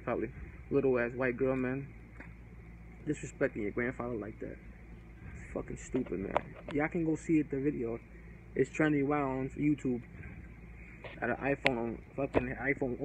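A man vents on his vlog in an angry, profane rant, circling back to the same complaints again and again. His voice sits a little high for a man, and a faint hiss of noise runs under the recording. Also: rough recording. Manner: angry, profane, repetitive ranting. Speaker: vlogger. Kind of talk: casual ranting to camera.

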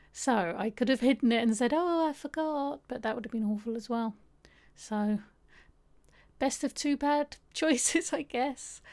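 A young woman with a slightly high voice chats over her art video. She rambles and picks at her own work, restarting her sentences as she goes. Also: dark tone. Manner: self-critical, rambling, many restarts. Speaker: art vlogger. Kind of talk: casual talk over a drawing video.

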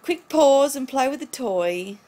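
A woman's voice: high-pitched, animated, unhurried, dark tone. A mother at home, filming her toddler on a phone and chatting to the child in a playful, sing-song baby-talk voice with chuckles. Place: at home indoors. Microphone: phone camera.

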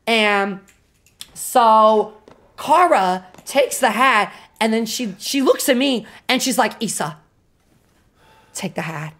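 A young woman streamer telling a story to her chat, animated and full of swearing and fillers. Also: a little high, takes it slowly. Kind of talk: casual storytelling to a live chat.

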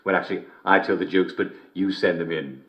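An actor plays a jovial, middle-aged English TV and radio host in a scripted game broadcast, his deep, natural voice moving a little fast through dull audio. He chuckles between lines with a smarmy showman's delivery.

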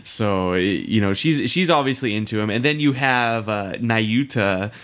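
A man's voice: fairly low pitch, animated, unhurried, fairly bright tone. A young man co-hosting a casual podcast, rambling with many fillers and laughing at himself. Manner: rambling, lots of fillers, admits being drunk. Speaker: podcast co-host. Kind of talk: casual chat.

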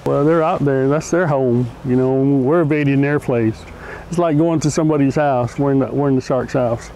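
A man's voice: medium pitch, moderate pace, warm tone, poor audio. A man who works on the docks, speaking plainly in an interview. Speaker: dock worker. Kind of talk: casual interview. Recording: faint background noise.

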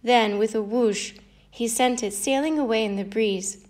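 A woman narrating a children's fable in an expressive, lilting read-aloud manner. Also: on the high side, measured pace. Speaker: storyteller. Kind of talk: storybook narration.

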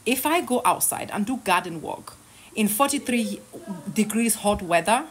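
A woman's voice: mid-range voice, expressive, normal speed, slightly rough. A woman in her thirties ranting casually to camera from her bed, sarcastic and heated, swearing and laughing between jabs. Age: 30s. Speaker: online creator. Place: lying in her bed at home.

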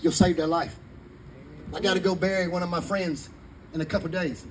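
A man's voice: sits high, steady tone, normal speed, background noise. A man, preaching fervently in a sermon to a live congregation. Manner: fervent preaching in Southern vernacular. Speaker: pastor.

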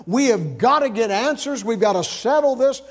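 A preacher voicing determined early church men, urgent and insistent. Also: male voice, very high voice, expressive, normal speed, soft background music, pitched above the performer's own voice.

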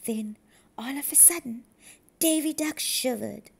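A woman teacher reads a children's storybook aloud, taking each word slowly and clearly. Her voice sits high and carries a gravelly creak. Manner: slow, clear, careful reading. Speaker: preschool teacher.

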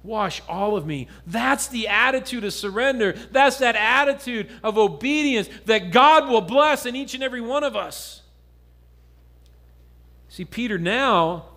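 A man preaching a sermon as pastor, earnest, sometimes dropping to a soft low voice for stories and scripture. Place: church.

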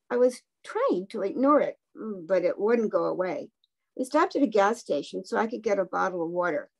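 A woman reading a children's story aloud for a book club, gently voicing the characters' lines. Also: on the high side, creaky. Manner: gently voices the characters' dialogue.

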